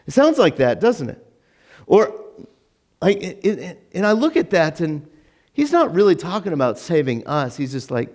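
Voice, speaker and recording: A pastor delivering a conversational sermon in church, animated and acting out the lines he quotes. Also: normal speed. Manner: animated, acts out quotes with sudden rises in pitch.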